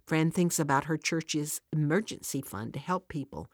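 A woman's voice: deep voice, normal speed, dry recording, studio quality. A woman giving an earnest devotional talk, telling a story and speaking directly to the listener.

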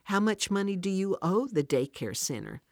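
A woman voicing a kind, caring churchgoing friend who speaks gently and reassuringly in a told story. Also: medium pitch, big pitch swings, moderate pace, no echo, clean studio sound.

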